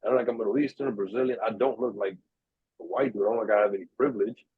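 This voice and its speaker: A young New York man with a fairly low, slightly rough voice talks in rapid-fire bursts as he casually tells a long story on a podcast he co-hosts. He swears freely and acts out the voices of the people involved. The sound is tinny, dry and narrow-band, with no echo.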